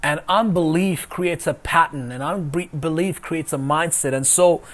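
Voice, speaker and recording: A male pastor delivers an online sermon over a video call. His voice sits a little high for a man, and he leans into key lines, repeating them for emphasis. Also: measured pace, fairly bright tone.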